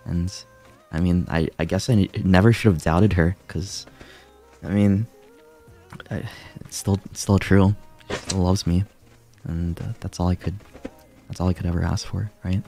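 A man talking casually on a stream, halting, with many fillers and restarts. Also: sits low, steady tone, dark tone, faint music behind.

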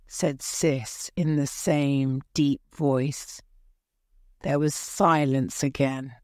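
A woman narrating a graded audiobook story for English learners in a clear, measured way. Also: very deep voice, flat delivery, mellow, no room sound, studio quality.

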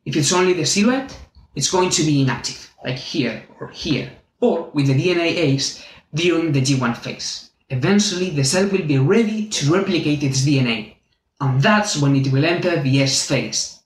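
A man with a Spanish accent giving a clear, methodical university biology lesson as the channel's teacher. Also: on the high side, lively intonation, normal speed. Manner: clear, methodical, friendly explaining. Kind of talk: university lecture explaining with drawings. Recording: echoey room.

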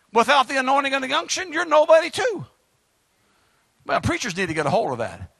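Man, fiery preacher, bright lively voice, dry close sound. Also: extremely high pitch, fairly quick, creaky, dry recording. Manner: fiery preaching with sudden shouts and hushed drops. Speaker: pastor. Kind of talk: sermon.

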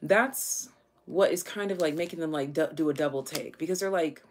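A woman's voice: low-pitched, expressive, normal speed. A woman giving a casual, chatty tarot reading to her viewers, full of slang and fillers. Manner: chatty, slangy, thinks aloud with many fillers. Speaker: tarot reader.

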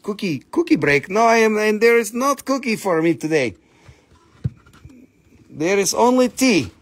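A man's voice: sits high, sing-song, unhurried. A man selling crystals on a live stream, joking with crude asides and crooning over the stones. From Appalachian Valley, United States. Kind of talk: casual live sales chat.

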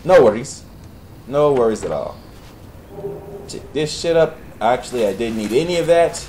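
A man's voice: medium pitch, animated, moderate pace, mellow, a little hiss or hum, poor audio. A young man giving profane, sarcastic commentary while playing a video game and talking to its characters. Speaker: gaming commentator. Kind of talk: Let's Play commentary.

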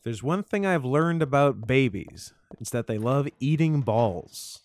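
A man co-hosting a game stream, cracking crude jokes in a deadpan, casual way. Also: medium pitch, measured pace. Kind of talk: casual let's-play commentary.

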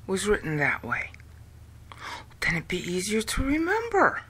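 A woman from the United States explaining an idea to viewers, slow and deliberate, drawing words out and counting them aloud. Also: mid-range voice, huge pitch swings, creaky, fairly bright tone, breathy edge. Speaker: video lecturer. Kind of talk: explanatory talk.

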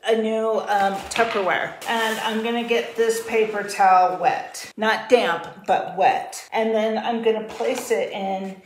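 A woman's voice: medium pitch, fairly even intonation, measured pace, hardly any pauses, roomy sound, a little hiss or hum. A woman hosting a casual cooking demonstration, playful and chatty, with silly asides to her viewers. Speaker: cooking vlogger. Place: cabin kitchen.

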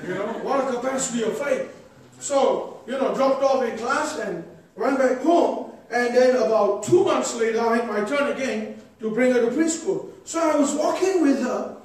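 A man preaching a sermon as a pastor, emphatic and rising to shouts, calling out "amen" and "come on" to the congregation. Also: very high voice, moderate pace. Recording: echoey hall, distant mic.

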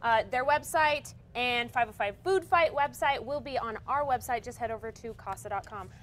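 A woman's voice: fairly high pitch, moderate pace, slight background noise. A woman co-hosting a TV cooking segment in an upbeat way. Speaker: TV host. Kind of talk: casual TV chat. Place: TV studio kitchen.

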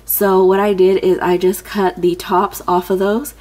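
A woman's voice: medium pitch, little pitch movement, a little slow, darkish tone. A young woman, a little out of breath, chatting casually with viewers as she walks through her home organization tips, with lots of ums. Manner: chatty, many ums, addresses viewers as you guys. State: slightly out of breath. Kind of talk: casual tutorial narration.

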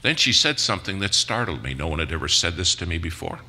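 An older man who is a guest preacher, telling a story in a sermon at a church in a folksy, animated way. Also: deep voice, quick pace.

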